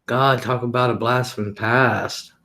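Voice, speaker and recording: A man's voice: medium pitch, fairly even intonation, unhurried, sharp tone. Chatty middle-aged man rambling on. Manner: chatty and rambling, laughs often, swears casually. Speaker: livestream host. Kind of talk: casual livestream chat.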